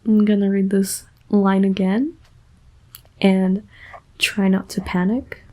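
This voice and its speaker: A woman's voice: mid-range voice, flat delivery, takes it slowly, warm tone. A woman in her twenties, a book vlogger, giving dramatic, gushing and exasperated reactions while she reads. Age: 20s. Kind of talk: casual live reading reactions.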